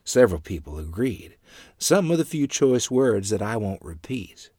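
A man telling a family tale with a lively, rising and falling voice. His delivery is expressive, and the recording is dry and close. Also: fairly low pitch, unhurried, no echo. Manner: lively, animated reading with character voices. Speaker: storyteller. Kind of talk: storytelling narration.

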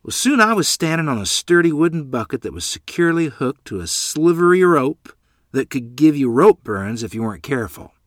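Brief: man narrating a memoir, animated pitch, dry close sound. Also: fairly quick, dry recording. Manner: lively storytelling. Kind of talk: reading a memoir story aloud.

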